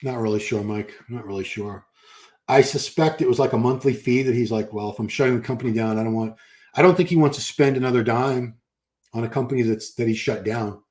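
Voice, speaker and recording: A man's voice: medium pitch, fairly quick, a little mellow. Rambling older man. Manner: rambling, self-correcting, chatty. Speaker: live stream host. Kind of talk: casual live-stream chat reading comments.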